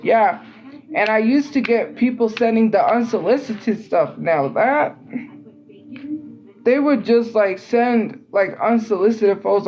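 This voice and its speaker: On a rough recording, a young woman livestream host with a higher, slightly mellow voice recounts a story. She rambles with frequent "like"s and restarts, exasperated and incredulous as she goes.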